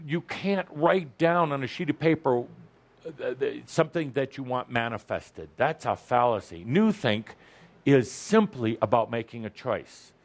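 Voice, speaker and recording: A man giving a spiritual talk to a live audience, teasing and emphatic, jumping between loud high bursts and low asides. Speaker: spiritual teacher addressing an audience.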